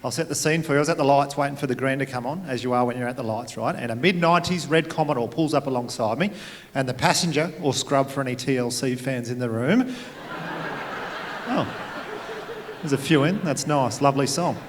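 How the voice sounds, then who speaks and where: A man with an Australian accent doing a stand-up comedy set on stage, telling stories with deadpan asides. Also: mid-range voice, brisk. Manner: laid-back storytelling with deadpan asides. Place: theatre stage at a comedy gala. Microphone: stage microphone. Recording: live hall with long reverb. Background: audience laughter.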